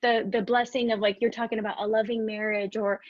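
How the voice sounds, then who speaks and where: A woman's voice: fairly high pitch, little pitch movement, brisk, no echo. A woman hosting a podcast interview in casual conversation, enthusiastic and affirming, with lots of "like" and "right". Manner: enthusiastic, affirming, speaks with many fillers like "like" and "right". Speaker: podcast host. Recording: dull, lo-fi sound.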